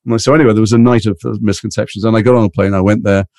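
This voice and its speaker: A middle-aged actor telling animated anecdotes in an interview, acting out other people's voices. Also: male voice, on the low side, very fast, no room sound. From England. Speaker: actor guest.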